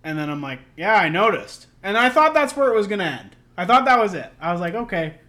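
Young male podcast co-host, loose rambling storyteller, slightly high voice. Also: sing-song, quick pace, pushed and bright. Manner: rambling, laughing storyteller with many fillers. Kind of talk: casual storytelling chat.

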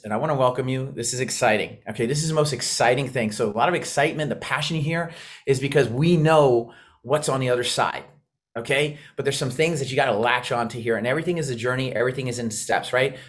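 A man giving a high-energy motivational training talk on a video call, fast and intense, eager for the audience to respond. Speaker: coach mentor on a video call.

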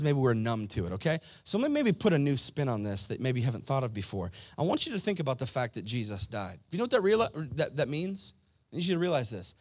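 A male pastor preaching a sermon in a mid-pitched voice. He talks to the congregation in a casual, emphatic manner and keeps asking them rhetorical questions.

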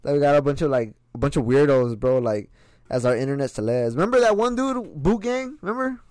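A man's voice: medium pitch, lively intonation, fairly quick, a little mellow, dry recording. A young man in casual chat, slangy and profane, calling everyone "bro" as he rants.

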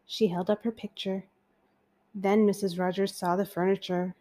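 Mellow-voiced woman reading a storybook. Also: mid-range voice, moderate pace. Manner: gentle, expressive reading. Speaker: podcast host and storyteller. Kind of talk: storybook read-aloud.

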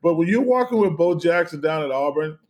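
A middle-aged man from the United States, a guest in an interview, telling stories in an animated, emphatic way, repeating phrases and swearing casually. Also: a little high, a little fast. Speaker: interview guest, former basketball player.

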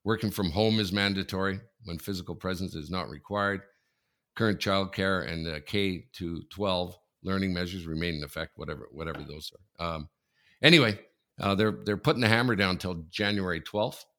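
A man from Canada co-hosting a casual chat show, telling anecdotes with lots of laughter. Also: deep voice. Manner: animated storyteller, laughs through anecdotes. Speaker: podcast co-host.

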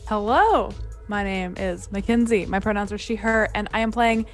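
A woman's voice: mid-range voice, normal speed, soft background music. A woman player on a tabletop game podcast, chatting in a playful, giggly way. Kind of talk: casual podcast chat.

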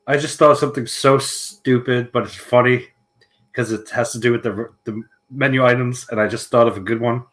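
A man's voice: medium pitch, steady tone, a little fast, fairly bright tone. Joking male podcast co-host. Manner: jokey, giggly, self-deprecating. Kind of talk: casual chat.

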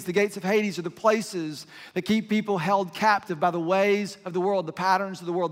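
Guy pastor preaching, kinda high voice, chatty, reads scripture out, long church echo. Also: a bit bright. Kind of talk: sermon.

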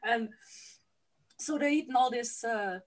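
Higher-pitched female host, giggly comic storyteller who swears casually. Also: unhurried. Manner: chatty, laughs often, swears casually. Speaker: podcast host. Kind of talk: comedic movie recap.

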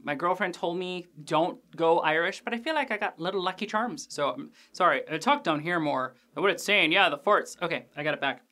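A young man hosting a podcast, recapping an episode in a casual, animated, jokey way with crude asides and lots of fillers. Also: high voice, a little fast, few pauses. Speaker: podcast host reviewing a TV episode.

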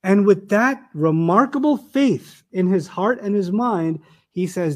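A man's voice: sits high, expressive, unhurried. A man giving a Quran commentary lecture, emphatic and repeating phrases for stress. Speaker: Quran teacher.

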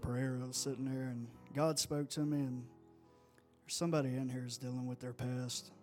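A man leading a spoken prayer in church, earnest and steady, often repeating "Father" and "I just". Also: mid-range voice, moderate pace, faint music behind. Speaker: prayer leader.

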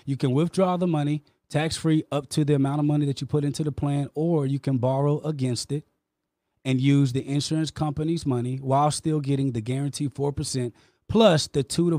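A man's voice: medium pitch, fairly even intonation, dark tone, no echo. A man hosting a podcast, debating insurance with passion and insisting on his point. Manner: passionate, insistent, explaining rapidly. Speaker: podcast host, insurance promoter. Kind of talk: heated debate.

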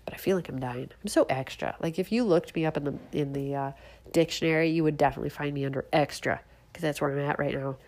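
A woman's voice: deep voice, quick pace, darkish tone. A woman hosting a political opinion show, talking sarcastically and bluntly with a stuffy nose from a head cold. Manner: sarcastic, mocking, outspoken. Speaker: show host.

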